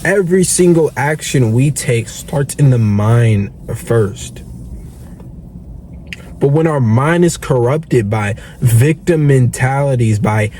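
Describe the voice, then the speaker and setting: A man's voice: mid-range voice, a little slow, warm tone, slight background noise. A young man giving an earnest, preachy motivational monologue as a self-improvement coach, swearing casually.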